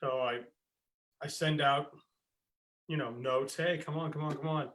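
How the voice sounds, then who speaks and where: An American man hosting a podcast in a relaxed, chatty way. His voice is bright and a touch high, and he gets lively when telling a funny story, swearing freely and acting out both sides of a conversation. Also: unhurried. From United States. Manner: animated storyteller, swears, laughs, acts out voices in anecdotes. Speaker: podcast host. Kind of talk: casual chat.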